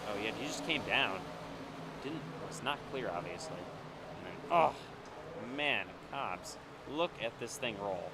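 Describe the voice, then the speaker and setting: A young man calling live play-by-play for an online racing series, excitable and exclaiming at crashes. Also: mid-range voice, a little slow, creaky. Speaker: race commentator. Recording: loud racing game engine noise behind.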